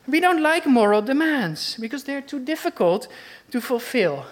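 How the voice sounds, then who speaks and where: A woman's voice: high-pitched, big pitch swings, normal speed. A woman preaching a sermon in an earnest, reflective manner.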